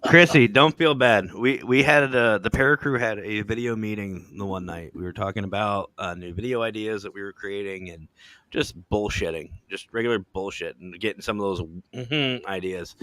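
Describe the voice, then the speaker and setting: A man hosting a podcast, telling stories in a relaxed, joking way, swearing freely and laughing often. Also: on the low side, no echo. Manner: laid-back, swearing, laughing storyteller. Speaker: podcast host. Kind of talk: casual chat.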